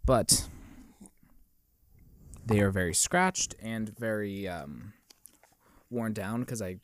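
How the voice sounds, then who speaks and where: A man's voice: lowish voice, dry recording. A man co-hosting a podcast, teasing and joking in casual chat. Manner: jokey, teasing, quick laughs. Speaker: podcast co-host.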